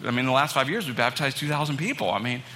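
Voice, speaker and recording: A man preaching a storytelling sermon to a congregation, acting out the people in his stories with growing excitement. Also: mid-range voice, very fast, a little hiss or hum. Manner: animated, acts out quoted people, rising excitement. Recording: long hall reverb, faint ambience.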